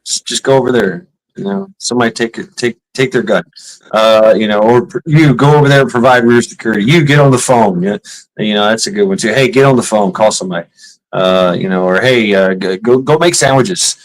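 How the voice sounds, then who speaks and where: A man's voice: fairly low pitch, fairly quick, rough recording. Profane storytelling man. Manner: profane storytelling, animated quotes. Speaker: host. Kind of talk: casual podcast chat.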